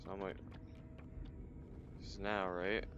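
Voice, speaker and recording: A young man swearing and joking through casual gameplay commentary, breaking into frustrated yelling. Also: sits low, little pitch movement, slow. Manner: profane, jokey, bursts into frustrated yelling. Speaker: gamer. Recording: dull lo-fi mic with faint noise.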